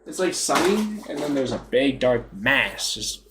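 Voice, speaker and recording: A man's voice: medium pitch, sing-song, unhurried, crowd noise. A young man chatting casually on a live stream, joking, self-mocking and laughing often.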